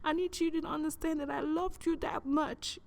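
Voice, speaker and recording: A woman voicing God as a soft, caring, loving presence who speaks tenderly and repeats phrases as if pleading. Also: high voice, steady tone, normal speed, gravelly.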